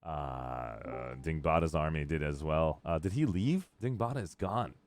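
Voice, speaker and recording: A man hosting a casual gaming live stream, upbeat and rambling and quick to laugh. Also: very deep voice, lively intonation, noisy background. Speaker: streamer host.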